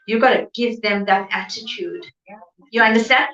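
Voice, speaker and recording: A woman's voice: fairly high pitch, normal speed, a bit bright. A woman giving an emphatic motivational seminar talk, often asking "okay?" to check the audience is with her. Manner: emphatic, repeats okay for agreement. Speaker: business seminar speaker. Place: seminar venue. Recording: echoey room, distant mic, dull sound.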